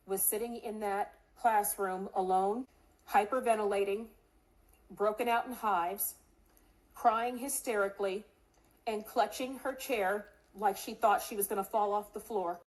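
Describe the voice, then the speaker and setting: A middle-aged woman telling a painful family story in an interview, earnest and steady, at a middle pitch. She slips into the voices of the people she quotes as she tells it. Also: measured pace, rough recording. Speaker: congressional candidate.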